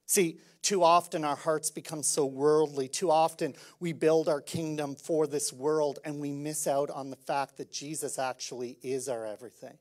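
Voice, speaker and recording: Male pastor mid-sermon, chatty but fervent, drops to a hush then surges loud, leans on "like". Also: fairly high pitch, steady tone, normal speed, hardly any pauses. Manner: conversational, fervent, many "like" fillers, swinging from hushed to loud.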